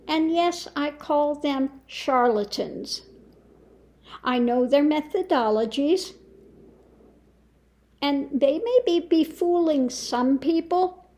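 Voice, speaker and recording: A woman speaking as a spiritual teacher in a casual monologue, deliberate and scornful, with long pauses. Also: high-pitched, a little mellow. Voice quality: slow, deliberate with long pauses and frequent laughs. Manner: scornful, emphatic, mocking.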